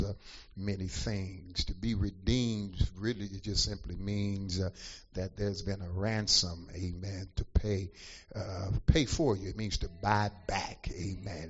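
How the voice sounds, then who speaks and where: A man preaching a sermon, slow and deliberate, dropping "amen" and "uh" between phrases. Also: fairly low pitch, breathy edge. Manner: slow and deliberate, frequent "amen" and "uh" fillers, rising toward the end. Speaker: pastor. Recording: dull lo-fi recording.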